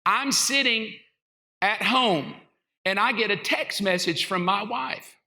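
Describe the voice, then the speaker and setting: A middle-aged man with a Southern US accent, a pastor preaching a sermon full of funny stories, animated and self-mocking. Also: high voice, slow, creaky. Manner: animated, self-mocking, acts out voices and sounds. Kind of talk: comedic sermon storytelling. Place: church sanctuary.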